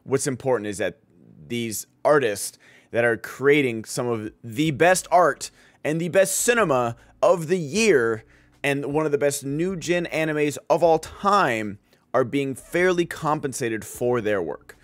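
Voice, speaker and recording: A man's voice: mid-range voice, lively intonation, measured pace, no room sound. A man streaming and chatting casually, enthusiastic and rambling, with lots of filler words. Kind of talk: casual chat.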